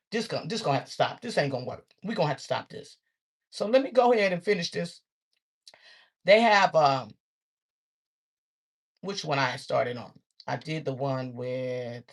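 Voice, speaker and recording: A woman talking casually to her viewers, telling stories animatedly and acting out quotes. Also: husky. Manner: animated storytelling, acts out quotes with sudden high squeals. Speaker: social media talker.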